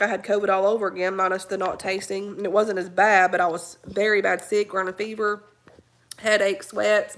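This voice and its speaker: A woman's voice: mid-range voice, a bit bright. A woman, sick with covid, chatting casually from home and breaking off to talk to her dog. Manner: chatty, rambling, talks to her dog between thoughts. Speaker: vlogger. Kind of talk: casual morning live chat.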